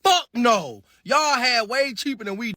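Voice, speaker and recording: A man's voice: very high-pitched, lively intonation, a little slow, sharp tone. A young man in an indignant, slangy rant to camera. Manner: slangy, indignant, says bro.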